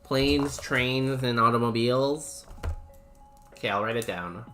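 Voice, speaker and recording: A man chats on a game livestream, thinking out loud with dry, wry asides. He talks at a slow, leisurely pace. Faint music plays quietly under his voice. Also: medium pitch. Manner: musing aloud, unhurried, wry. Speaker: game streamer. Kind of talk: casual livestream chat.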